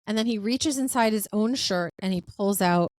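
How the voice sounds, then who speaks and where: A woman hosts a podcast and tells a story in casual chat. She is animated and expressive and acts out each line of dialogue. Her voice is recorded dry, with no room sound. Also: medium pitch, moderate pace, no room sound. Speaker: podcast host.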